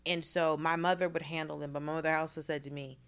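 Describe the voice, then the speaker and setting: A woman's voice: low voice, quick pace, clear, resonant tone. A woman comedian telling school stories in a casual podcast chat, acting out quotes and swearing freely. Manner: animated storyteller, acts out quotes, swears. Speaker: guest comedian.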